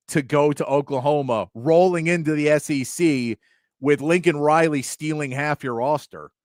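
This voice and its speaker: Animated sports radio host, dry studio sound. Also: male voice, fairly high pitch, no room sound. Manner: animated, acts out quotes in mock voices. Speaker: sports talk show host. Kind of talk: casual sports talk.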